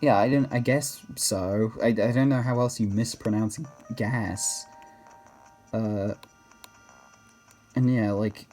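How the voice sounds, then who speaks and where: A man's voice: on the low side, fairly even intonation, slow, long pauses, mellow, soft background music. Rambling Australian man gaming. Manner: rambling and self-correcting, with laughs. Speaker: gaming video host. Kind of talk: casual gameplay commentary.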